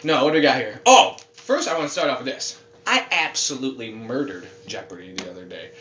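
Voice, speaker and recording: A man hosting a casual podcast, loud, profane and joking, laughing often through his stories. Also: medium pitch, animated, a little fast, reverberant, slight background noise. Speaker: podcast host.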